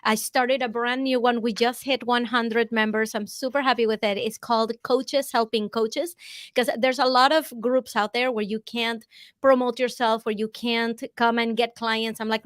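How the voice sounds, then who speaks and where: A woman with a Boston accent talks as a guest on a video call. She is enthusiastic and chatty, and her voice sits a little high. The sound is dry and close. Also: fairly even intonation, moderate pace, a bit bright, no echo. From Massachusetts. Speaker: business coach guest. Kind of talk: casual interview.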